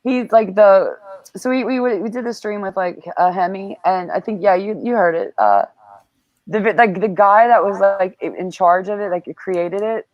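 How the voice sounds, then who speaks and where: A woman speaking haltingly in a casual livestream chat, hesitating and restarting as she goes. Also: mid-range voice, expressive, no echo, highs cut off.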